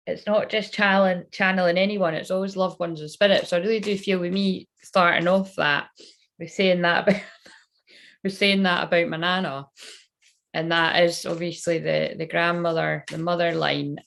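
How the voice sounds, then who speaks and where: A woman's voice: fairly low pitch, creaky. A young Scottish woman doing a tarot reading on a casual livestream, chatty, rambling and swearing now and then. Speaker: tarot reader.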